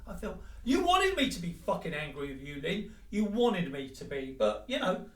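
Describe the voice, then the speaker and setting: This man's high, very animated voice moves at a normal speed as he swears and rages at his ex in a personal vlog rant. The sound is distant and echoey, with him positioned away from the mic.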